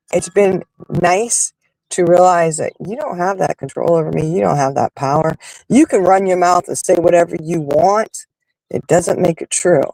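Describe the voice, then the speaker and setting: Frank, gravelly man talking candidly. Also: high-pitched, a little mellow, no room sound, rough recording. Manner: rambling, emphatic, frank with occasional swearing; thinks aloud with many fillers and restarts. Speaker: host. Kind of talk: candid monologue on personal growth.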